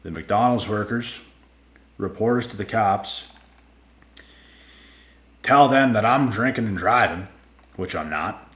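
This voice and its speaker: A man telling a personal story to his viewers in a casual, animated way, slangy and swearing freely. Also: on the low side, slow pace, long pauses, reverberant.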